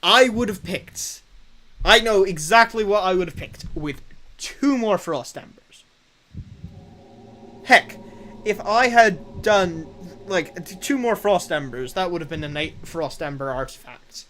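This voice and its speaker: A man's voice: sits high, unhurried, fairly bright tone. A young man streaming a game, thinking aloud to his chat and bragging playfully about his runs. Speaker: gaming streamer. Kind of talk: live game commentary to chat.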